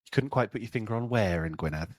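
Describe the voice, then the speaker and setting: A place-name researcher with a North Welsh accent gives a presentation talk in a low-ish voice, quick and with lively intonation, on a dry recording. His humour is dry and self-mocking, and he says "um" often.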